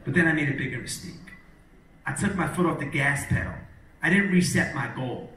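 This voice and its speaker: A middle-aged man telling an energetic, punchy story to a live audience as a motivational speaker, acting out the quotes. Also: fairly high pitch, a little fast. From New York, Long Island. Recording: echoey hall, distant mic.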